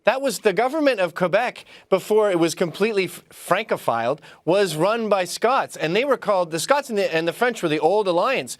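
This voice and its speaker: A man who is a guest in a casual talk, speaking in a boisterous, animated way and laughing often. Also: sits high, brisk, hardly any pauses, no room sound. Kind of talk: casual chat.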